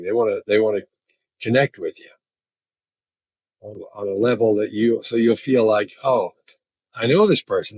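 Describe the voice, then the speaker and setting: Man, husky, low-ish voice, dry close sound, casual storyteller. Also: darkish tone, no echo. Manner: chatty, laughs while telling stories. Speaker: body language expert.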